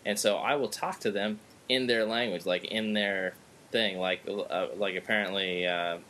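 Podcast host, male, lowish voice, rambling casual chatter, faint rumble underneath. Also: fairly even intonation, bright, forceful tone. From Southern California. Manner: rambling, halting with many restarts. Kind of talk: casual chat.

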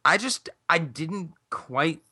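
A man's voice: a little high, takes it slowly, sharp tone, husky, dry recording. A man on a podcast in casual chat, chiming in with short, offhand remarks.

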